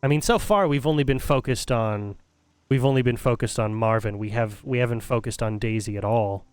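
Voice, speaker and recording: Male game streamer, smooth voice, dry close sound, casual and hesitant as he thinks aloud. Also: mid-range voice, a little fast, no room sound. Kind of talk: casual live-stream commentary.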